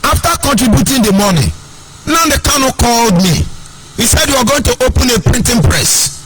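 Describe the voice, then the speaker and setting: A man's voice: very high-pitched, lively intonation, normal speed. A Nigerian man with a Nigerian accent giving an impassioned, sing-song political monologue as an online broadcaster. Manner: sing-song, preachy, repeats phrases.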